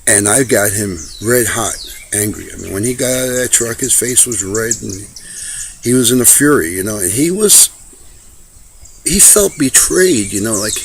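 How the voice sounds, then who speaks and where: A man's voice: medium pitch, normal speed, vocal fry, pauses often, a little hiss or hum. A man speaking an earnest personal message to a friend, impassioned and preachy, often repeating himself.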